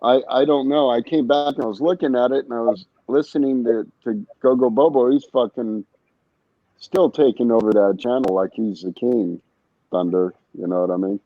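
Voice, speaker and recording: A man's voice: medium pitch, moderate pace, no echo, highs cut off. A man rambling casually and cursing a lot while chatting on an online stream. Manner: rambling, profane, laid-back. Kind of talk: casual chat.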